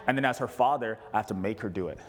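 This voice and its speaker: A man pastor preaching casually to his congregation, animated and jokey, acting out little quoted lines. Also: lowish voice, very fast. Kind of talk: sermon with congregation questions.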